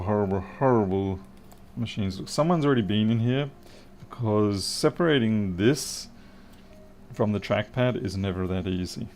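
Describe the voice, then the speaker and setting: A man with a lowish voice talks his way through a live repair, answering viewers' comments with dry, teasing humor. His tone stays casual and chatty while he works at the bench. A faint background noise sits under his voice. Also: a little mellow. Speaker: livestream repair host.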